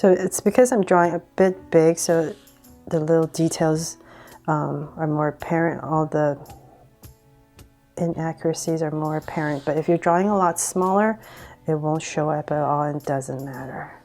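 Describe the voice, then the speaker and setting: A woman's voice: sits low, fairly even intonation, moderate pace, dark tone, faint music behind. A woman hosting a casual drawing tutorial, chatty and giggly, often saying um and poking fun at herself. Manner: chatty, giggly, self-deprecating, many ums.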